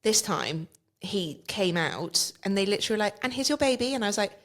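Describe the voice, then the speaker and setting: A woman's voice: mid-range voice, lively intonation, a little fast, a bit bright. A woman guest on a podcast, telling a story in casual chat, acting out the other people's lines and swearing freely. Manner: vivid, swears freely, acts out quoted dialogue.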